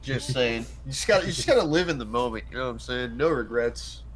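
A man's voice: mid-range voice, lively intonation, fast, rough recording. A young man in casual group chat, joking and swearing, slightly drunk and mock-lecturing his friends.

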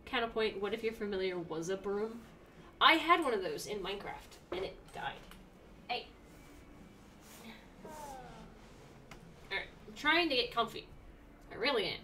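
Bright, chatty young woman gaming. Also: medium pitch, a little slow, pauses often, far from the mic, slight background noise. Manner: chatty and excitable, with sudden squeals. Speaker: let's play streamer. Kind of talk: casual gameplay commentary.

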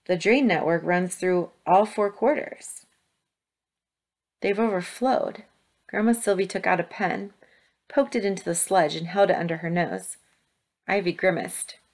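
A woman reading a storybook aloud with steady, expressive narration. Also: fairly low pitch, normal speed.

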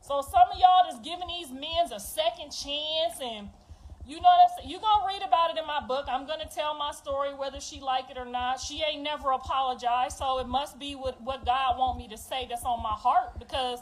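Woman, 50s, high voice, confessional livestream rant, emphatic and blunt. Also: fairly quick, poor audio. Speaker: mother telling her life story.

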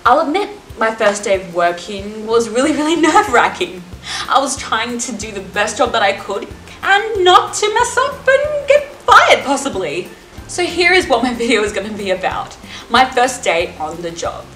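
A woman's voice: a little high, very animated, moderate pace, a bit bright, faint music behind. A young woman, hosting a scripted comedy vlog in a chatty, upbeat way from a room at home. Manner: chatty and upbeat, with bursts of laughter. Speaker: vlogger. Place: room at home, late at night. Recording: echoey room with faint hiss.

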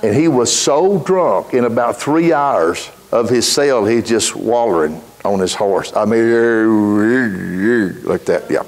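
A middle-aged man preaching a folksy storytelling sermon in church, building from easy anecdote into shouted fervor. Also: on the low side, takes it slowly. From Texas.

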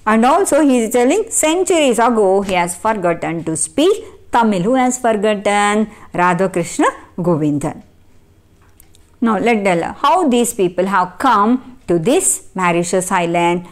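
A woman's voice: medium pitch, animated, measured pace. A woman teaching an English textbook lesson with an Indian English accent, asking herself questions and answering them, repeating key phrases. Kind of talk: classroom lecture explaining a textbook lesson.

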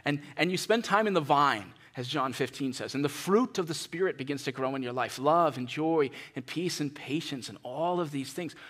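A middle-aged man preaching a sermon in a church, conversational and animated, acting out little scenes. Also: fairly high pitch, breathy edge. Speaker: pastor.

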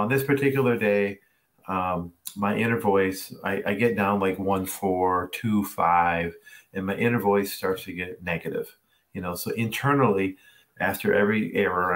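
Man, middle-aged, tennis coach, lowish voice, animated storyteller, video call. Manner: animated, acts out quoted voices. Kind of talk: storytelling masterclass talk.

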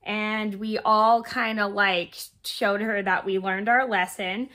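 A woman in her thirties, hoarse and scratchy from a cold, rambling through a casual storytime while she crochets, with many fillers and restarts. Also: mid-range voice, steady tone, slow, sharp tone. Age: 30s. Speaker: vlogger.

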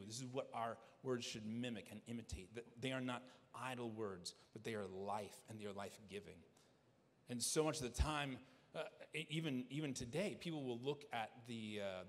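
A man preaching a sermon as pastor, earnest, often restarting his phrases. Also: medium pitch. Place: church sanctuary. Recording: long church hall reverb.

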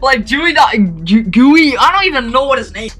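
A young man giving excited gameplay commentary, rambling with fillers and breaking into screams and laughter. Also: very high voice, fairly quick. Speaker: gamer recording gameplay. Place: indoors at a computer, in voice chat. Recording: game music playing faintly behind.

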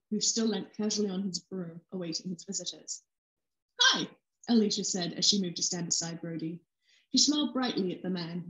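A woman author reading a passage of her novel aloud with steady, expressive narration. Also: lowish voice. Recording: roomy echo.

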